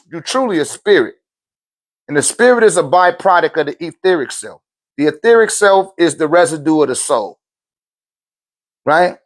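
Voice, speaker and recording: Guy with a high voice giving a loose animated spiritual talk, laughs a lot, slangy. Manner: animated, swings into loud shouted quotes; laughs often, swears, street slang. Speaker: spiritual teacher. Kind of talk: casual lecture with storytelling.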